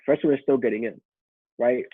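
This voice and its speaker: Male co-host, relaxed rambling talker, husky, lo-fi phone-quality audio. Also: mid-range voice, brisk, no room sound. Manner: loose, repeats words. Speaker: podcast co-host. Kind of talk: casual chat. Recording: husky voice over thin phone-like line.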